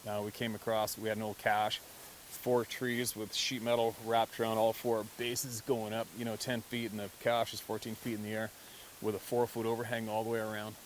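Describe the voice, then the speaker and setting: Man, lowish voice, casual spoken story, swearing, chuckles, faint hiss. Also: level tone, normal speed, low-quality recording. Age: adult, past mid-twenties. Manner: conversational, profane, laughs often. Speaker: hunter telling encounter stories.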